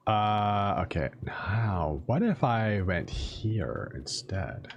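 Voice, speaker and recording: A man's voice: fairly low pitch, animated, very slow, hardly any pauses, faint music behind. A man streaming a video game, chatting casually and reading dialogue aloud.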